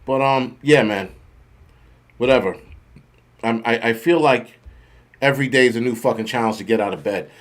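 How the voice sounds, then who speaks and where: A middle-aged man hosting a casual livestream, rambling and swearing in nearly every sentence. He jokes about getting old, then drifts into the news in the same loose, profane way, his voice climbing high when something riles him. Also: normal speed, pauses often. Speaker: host.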